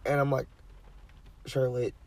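A man's voice: mid-range voice, level tone, a little slow, a crowd in the background. A young man chatting casually with friends, swearing often as he tells a long story. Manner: swears a lot, rambling storyteller. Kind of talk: casual chat. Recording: distant mic with faint background noise.

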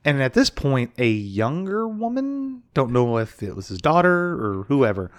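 A man's voice: medium pitch, a little slow. A young adult man, a podcast co-host, telling a story in casual chat and acting out the quotes. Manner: animated, acts out quotes with profanity.

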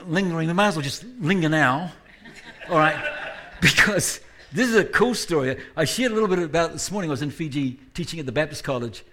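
A man's voice: mid-range voice, a bit bright. A man giving a guest sermon at a church service, talking in a conversational way with self-deprecating asides and rising emphasis. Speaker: guest preacher.

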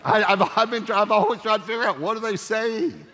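A man preaching a sermon as pastor, animated and joking, swinging from loud punchy lines to hushed earnest ones. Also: high voice, brisk, long reverb tail, a little hiss or hum.

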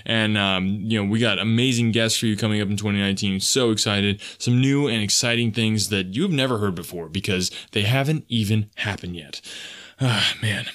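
A man's voice: on the low side, normal speed, a bit bright. A young man hosting a comedy podcast, talking in a boastful, self-important way, with a rambling parody self-help monologue. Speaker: podcast host.

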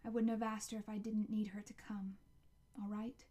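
A woman voicing a tired, gentle mother who is ill and still jokes softly with her son. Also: medium pitch, little pitch movement, normal speed, a little hiss or hum, natural voice. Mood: tender.

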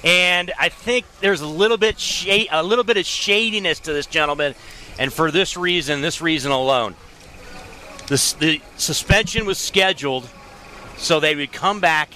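A man's voice: on the high side, expressive, normal speed, pushed and bright, a little hiss or hum. A man co-hosting a live talk show outdoors, offhand and teasing. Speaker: co-host. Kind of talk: casual live broadcast chat. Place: outdoor pool at a Las Vegas club.

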